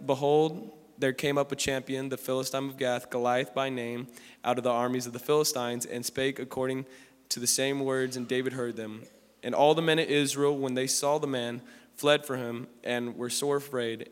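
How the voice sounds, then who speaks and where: Young-sounding preacher in a reverberant church hall. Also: male voice, mid-range voice. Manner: casual and slangy, frequent restarts. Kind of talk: sermon, scripture reading with casual commentary.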